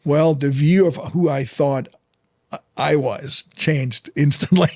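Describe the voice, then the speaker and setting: Here the Berlin fitness trainer, a middle-aged man with a German accent, sounds fairly high-pitched, slow and a little mellow, with no room sound. As a guest in a casual interview, he tells stories marked by many restarts and fillers.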